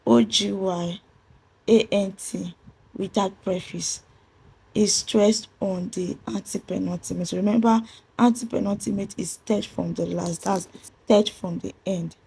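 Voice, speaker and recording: Nigerian-accented woman, english teacher, gravelly, mellow tone, spells out letters, repeats key points. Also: mid-range voice, steady tone, a little slow. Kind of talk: classroom-style pronunciation lesson.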